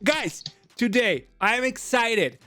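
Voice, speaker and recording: A man hosting a casual film review chat, eager and excitable. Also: very high voice, slow pace, faint music behind. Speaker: channel host.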